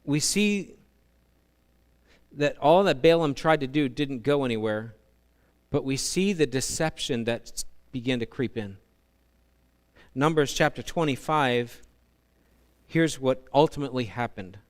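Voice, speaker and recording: Brief: male pastor, animated storytelling sermon, smooth resonant voice. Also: medium pitch, unhurried, pauses often. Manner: animated storytelling with humorous asides.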